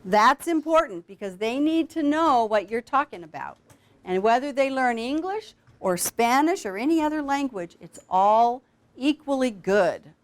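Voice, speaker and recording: A woman teaching a class of students how to read aloud to young children, with an animated, coaxing teacher's voice. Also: high-pitched, normal speed. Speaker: literacy program founder teaching students.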